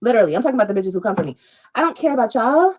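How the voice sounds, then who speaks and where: A woman on a livestream rants at her critics in a fairly high voice that swings widely in pitch. She is confrontational and profane and mocks her detractors as she talks straight to her viewers. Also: sing-song, racing, a little mellow, husky, poor audio. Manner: addresses viewers directly. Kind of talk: ranting livestream monologue.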